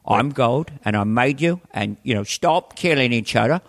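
A man doing an impression of God as a soft-spoken, drawling older actor. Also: medium pitch, animated, moderate pace, natural voice. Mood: weary.

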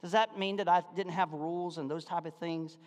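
A man preaching a sermon as pastor, telling a personal story, moving between hushed reflection and loud excitement. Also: on the high side, brisk, big-room sound.

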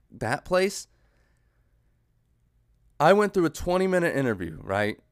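A man's voice: medium pitch, a bit bright, dry recording, studio quality. A young man hosting a podcast, ranting in a comedic monologue, profane and sarcastic with an exasperated edge. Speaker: podcast host.

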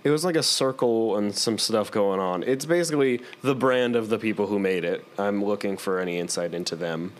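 A man's voice: on the low side, a little fast, few pauses. A young man playing in a tabletop game, with dry, teasing banter. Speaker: player.

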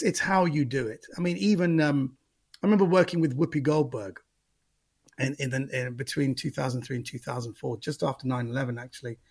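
A man, a stand-up comedian, talks casually in an interview. His voice is gravelly and husky. He thinks aloud and often repeats a word before going on. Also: fairly high pitch. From Central London. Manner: thoughtful, repeats words while gathering thoughts.

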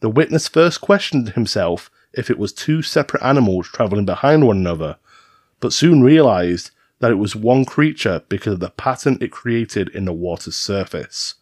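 A man's voice: lowish voice, expressive, normal speed, a little mellow, dry recording, studio quality. A man hosting a podcast, reading urban legends from a script in a teasing, storytelling manner. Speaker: podcast host. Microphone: studio mic.

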